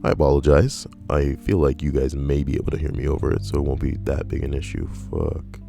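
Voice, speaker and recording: A man's voice: rumbling low, fairly quick, creaky, dark tone, faint music behind. A young man reading stories aloud and breaking off into sarcastic, profane, rambling asides. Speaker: story reader and commentator.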